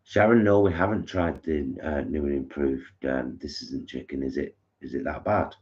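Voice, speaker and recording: A man's voice: a bass voice, moderate pace, darkish tone. A man co-hosting a live stream from his living room, chatting frankly and reading out viewer comments with plenty of fillers. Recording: dull lo-fi live stream audio.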